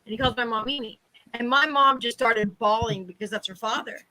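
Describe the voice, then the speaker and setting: A woman's voice: fairly high pitch, a little fast, bright, forceful tone, low-quality recording. A grandmother telling a family story in a casual, direct way. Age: older.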